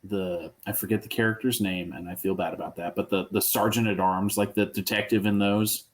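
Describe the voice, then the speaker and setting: A man co-hosting a podcast in casual chat, enthusiastic and quick to laugh. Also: fairly low pitch, fairly even intonation. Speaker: podcast co-host.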